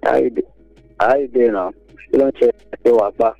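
A man's voice: medium pitch, gravelly, faint music behind. Nigerian man calling in on a dull phone line. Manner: halting, hesitant, mixes in pidgin. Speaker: caller. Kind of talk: casual phone-in chat. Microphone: telephone.

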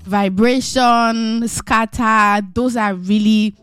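Woman radio host, playful and teasing, fairly high voice, dry studio sound. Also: slow pace, clear, resonant tone, no room sound, faint music behind. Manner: animated, teasing, jokey.

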